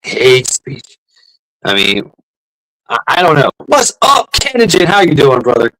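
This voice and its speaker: A man's voice: mid-range voice, wildly swooping pitch, a little slow, bright, forceful tone, low-quality recording. Profane rambling man hosting a livestream. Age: middle-aged. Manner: profane, rambling, laughs often, repeats words. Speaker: livestream host. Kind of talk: casual livestream chat.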